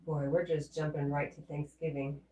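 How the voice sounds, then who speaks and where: A woman's voice: low voice, little pitch movement, moderate pace, dark tone, echoey room, far from the mic, rough recording. A woman hosting a casual livestream, chatting with viewers in a playful, teasing way. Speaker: livestream host. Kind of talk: casual live chat.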